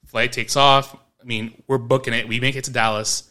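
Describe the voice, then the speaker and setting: This podcast co-host is a New Yorker whose mid-range voice moves at a moderate pace. Swapping stories casually, he gets animated, performs the quoted lines, and breaks into laughter mid-story.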